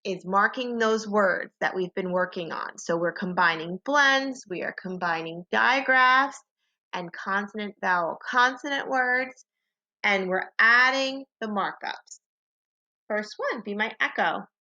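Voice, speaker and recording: A woman teaching a phonics lesson to young children, slowly sounding out letters and sounds and asking them to echo her. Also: medium pitch, pushed and bright, highs cut off.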